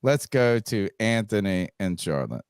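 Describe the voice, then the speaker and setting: A man's voice: fairly low pitch, very animated, unhurried, clear, resonant tone, no room sound, studio quality. A man hosting a sports podcast, chatting casually and joking around. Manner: playful, joking. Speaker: podcast host.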